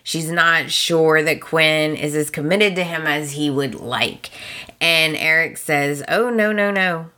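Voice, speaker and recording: Low, bright-voiced woman recapping a soap. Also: steady tone, takes it slowly. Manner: chatty storytelling with quoted dialogue and chuckles. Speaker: podcast host. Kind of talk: casual soap opera recap.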